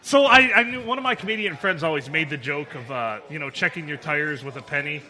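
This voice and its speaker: A man's voice: a little high, a little fast, sharp tone. A man co-hosting a casual comedy podcast, joking and laughing often. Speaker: podcast co-host.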